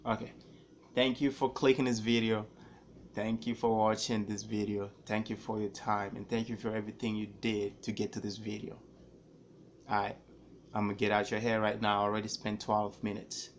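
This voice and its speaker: A man vlogging to camera, telling a personal story in a rambling, animated way and repeating himself often. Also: on the low side, moderate pace, slight background noise.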